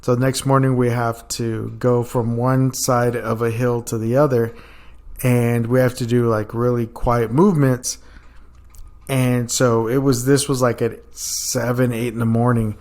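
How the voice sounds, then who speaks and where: Animated man telling stories with laughs. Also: mid-range voice, a little slow. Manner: animated storyteller, laughs often, acts out quotes loudly. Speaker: podcast guest. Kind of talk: casual storytelling chat.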